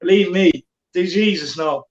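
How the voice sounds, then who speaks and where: A man hosts a live football watchalong in a chatty, bantering way, reading out viewer comments as he goes. His voice sits fairly high for a man. The room has a noticeable echo. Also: unhurried, dull audio. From Ireland. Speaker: watchalong host.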